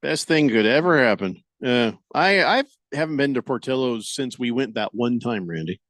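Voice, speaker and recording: A man's voice: medium pitch, expressive, normal speed, fairly bright tone, no echo. A man hosting a casual sports radio show, rambling and joking, often stumbling over words and acting out quoted voices. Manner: rambling, jokey, stammers and restarts; acts out quoted voices for laughs.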